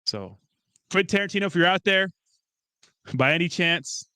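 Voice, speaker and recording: A young man chatting casually as a streamer, rambling and excitable, swearing often and breaking into laughs. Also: high-pitched, normal speed, smooth, no echo, studio quality. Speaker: crypto streamer. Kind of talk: casual chat.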